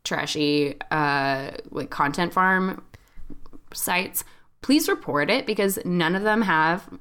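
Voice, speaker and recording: Female podcast host, 30s, lower pitch, animated casual storyteller. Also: slow, clean tone. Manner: chatty, animated, frequent "like" fillers.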